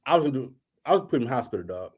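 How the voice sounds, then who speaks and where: Animated, profane male storyteller. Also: medium pitch, rapid-fire, husky. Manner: animated, acts out quoted dialogue, swears freely. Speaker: podcast host. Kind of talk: casual storytelling chat.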